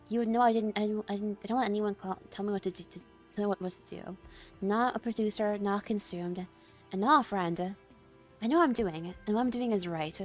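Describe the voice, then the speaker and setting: A sharp-tongued young magical girl turns on her friends with defensive, challenging lines, as a woman reads her aloud. Her pitch sits in an ordinary middle range. Soft music plays underneath. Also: lightly acted. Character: defiant young magical girl, cold and hostile. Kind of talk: reading visual novel dialogue aloud.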